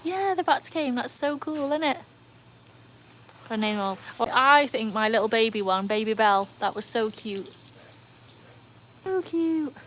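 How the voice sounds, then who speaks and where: A woman's voice: a little high, normal speed, a little hiss or hum. Chatty woman livestreaming by a pool. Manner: chatty, excitable, reads out and answers comments. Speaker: livestream host. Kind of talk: casual livestream chat. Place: outdoors by a backyard pool. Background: faint outdoor ambience, dogs.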